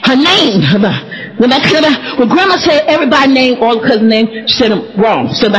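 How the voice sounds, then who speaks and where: A woman telling a personal story in a testimony style, laughing often and talking in an animated, emotional way. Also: high-pitched, a little fast. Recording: dull echoey hall sound.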